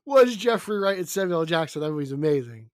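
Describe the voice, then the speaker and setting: A man's voice: on the high side, very animated, fast, no room sound. A young man talking casually as a podcast co-host, rambling with many fillers and stammered restarts. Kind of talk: casual chat.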